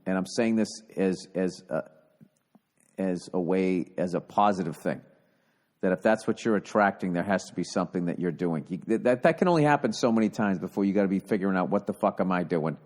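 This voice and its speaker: A man's voice: deep voice, fairly quick, darkish tone, long reverb tail. A man hosting a podcast, giving casual advice in a blunt, profane way. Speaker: podcast host.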